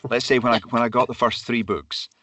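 A man's voice: mid-range voice, fairly even intonation, fairly quick, bright, forceful tone, dry recording. A man, an audiobook narrator as a guest, talking articulately with self-deprecating humour. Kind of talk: conversational interview.

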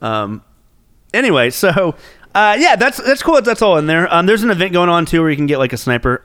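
A man's voice: high voice, big pitch swings, fairly quick, fairly bright tone, no room sound, clean studio sound. Profane, blunt man on a podcast. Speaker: podcast co-host. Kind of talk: casual gaming podcast chat.

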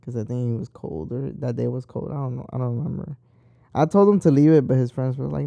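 A man's voice: mid-range voice, fairly quick, creaky, dark tone, dry recording, highs cut off. A young man chatting casually, rambling and swearing freely as he tells stories. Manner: rambling, profane and talkative. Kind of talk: casual chat.

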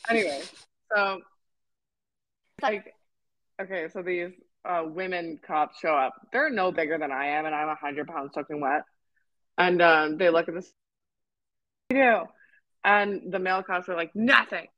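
A woman's voice: on the low side, moderate pace, dry recording, highs cut off. A young Canadian woman with a Canadian accent, telling a story on a podcast in casual chat, swearing, laughing and acting out quotes. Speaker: podcast co-host.

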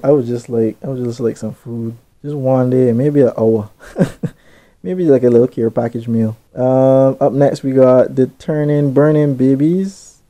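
Young man, host, dark mellow voice, mid pitch, laid-back, chatty. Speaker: host reading listener shout-outs. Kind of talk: casual chat.

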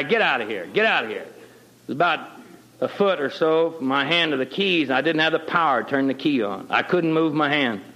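A man's voice: a little high, fairly bright tone, low-quality recording. A middle-aged man telling his personal conversion story in a folksy, plain-spoken way with homespun grammar. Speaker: guest telling his testimony.

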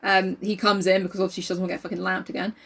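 A woman recapping a book in casual podcast chat, swearing freely and retelling scenes in a lively way. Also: medium pitch, racing, gravelly, distant mic.

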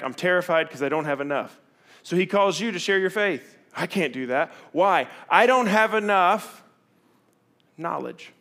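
A man preaches to his congregation in an animated way, voice sitting a little high. He slips into quick impressions of reluctant listeners and then returns to plain teaching. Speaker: pastor. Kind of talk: sermon.

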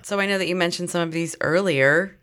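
A woman co-hosting a studio interview who puts her questions quickly and earnestly. Her voice sits in an ordinary middle range. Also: fairly low pitch, fairly bright tone. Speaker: podcast co-host.

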